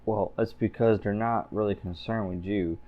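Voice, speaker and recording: A man narrating a tabletop game as game master, relaxed and laughing often. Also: lowish voice, moderate pace, highs cut off.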